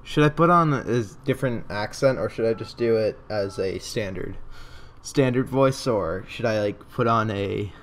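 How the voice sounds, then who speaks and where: A man's voice: on the low side, normal speed, fairly bright tone, a little hiss or hum. A young man casually chatting and joking while playing a video game on a livestream. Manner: joking, laughs often. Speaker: let's play co-host.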